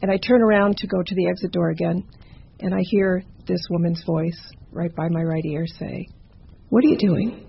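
A woman's voice: on the low side, steady tone, moderate pace, vocal fry, breathy edge, highs cut off. A woman telling a campfire ghost story in a conversational way, with stumbling asides.

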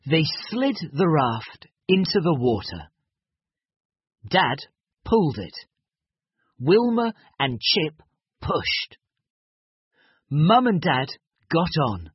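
Slow, animated storybook reader. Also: medium pitch, breathy edge, no room sound. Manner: slow, deliberate, expressive. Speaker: reader of a children's book. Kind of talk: slow, clear storybook reading lesson. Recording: dull, lo-fi, dry recording.

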